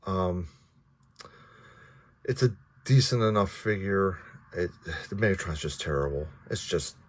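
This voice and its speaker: A man casually reviewing action figures, rambling with many restarts and the odd curse. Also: lowish voice. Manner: offhand, mildly profane. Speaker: toy reviewer.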